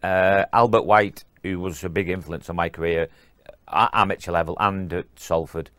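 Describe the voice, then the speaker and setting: A man's voice: low voice, fairly even intonation, moderate pace, fairly bright tone, no echo, studio quality. An older man, a former rugby player recalling his career in an interview, often stumbling and repeating words as he starts. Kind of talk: interview recollection.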